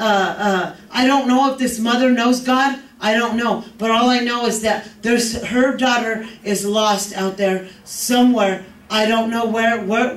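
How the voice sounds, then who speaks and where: A man preaching a sermon with impassioned, repetitive phrasing that rises into shouts. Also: very high voice. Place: church sanctuary. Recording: echoey church from far off.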